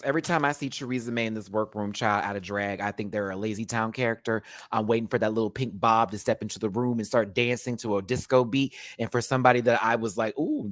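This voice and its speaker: A man hosting a live stream, giving casual, sassy, campy commentary on a reality competition show and talking straight to his viewers. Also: lowish voice.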